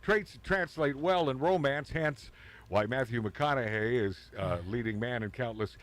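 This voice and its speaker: A man's voice: medium pitch, normal speed, fairly bright tone. A man hosting a talk radio show, reading news items aloud and joking with his co-hosts, laughing often. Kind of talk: casual talk radio banter.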